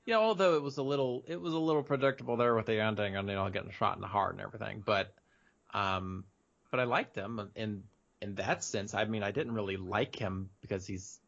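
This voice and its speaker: Gravelly, hesitant young man. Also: fairly low pitch, a little fast, fairly bright tone, dull audio. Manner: hesitant, many ums and restarts. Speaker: podcast co-host. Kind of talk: casual chat.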